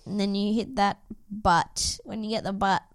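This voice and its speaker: A woman's voice: medium pitch, moderate pace, no room sound, clean studio sound. A woman co-hosting a casual podcast, recapping a reality dating show with frequent laughter and swearing. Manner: animated, laughs often, swears freely. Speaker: podcast co-host.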